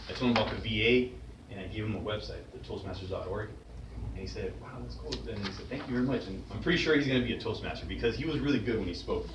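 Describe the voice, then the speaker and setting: Motivational speaker, man, lower voice, candid storytelling; distant mic, faint background hiss. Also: echoey room. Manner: earnest, conversational, with frequent restarts. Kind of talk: personal storytelling speech.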